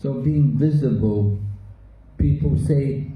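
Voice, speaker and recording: A man teaches a scripture class in a hall, voicing skeptical objections as quotes to quiz his students and then responding to what they say. His mid-range voice is mellow and measured. The roomy, dull recording has faint noise.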